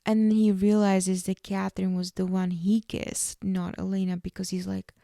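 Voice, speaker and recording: Female podcast host, casual chatty recapper, warm low-lit tone, dry booth. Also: little pitch movement, normal speed, gravelly, no room sound. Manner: chatty, peppered with fillers.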